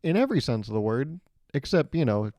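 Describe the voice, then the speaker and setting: A man's voice: medium pitch, sing-song, fairly quick, dry recording, studio quality. A young man hosting a solo podcast, telling rambling stories with a sarcastic edge. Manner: rambling and sarcastic, acts out loud voices. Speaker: podcast host. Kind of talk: solo comedic storytelling.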